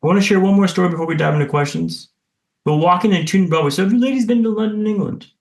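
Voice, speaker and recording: Gravelly-voiced man telling a gripping story. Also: high voice, rapid-fire, echoey room. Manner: vivid, punchy, self-deprecating humour. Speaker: podcast guest and speaker. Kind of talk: dramatic personal storytelling.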